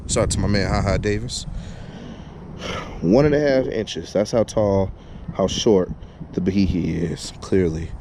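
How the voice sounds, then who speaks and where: A man's voice: low voice, measured pace, pauses often. A man hosting a casual lawn-care vlog in his backyard, chatty and laid-back, hyping himself up. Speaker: lawn care channel host. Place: backyard, outdoors. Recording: outdoor noise.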